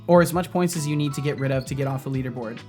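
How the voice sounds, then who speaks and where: A man's voice: medium pitch, very fast, darkish tone, soft background music. A man streaming as a game developer, chatting casually, rambling and laughing often as he reads chat aloud.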